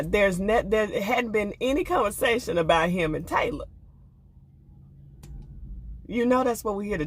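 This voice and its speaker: A woman's voice: fairly low pitch, fairly bright tone. An older woman, giving casual commentary on a reality show with sassy, laughing asides. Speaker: reality TV reviewer.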